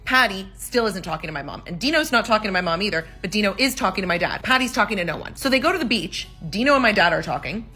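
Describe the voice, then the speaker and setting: A young woman telling a gossipy story in a casual, animated way, swearing freely. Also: medium pitch, quick pace, hardly any pauses, soft background music.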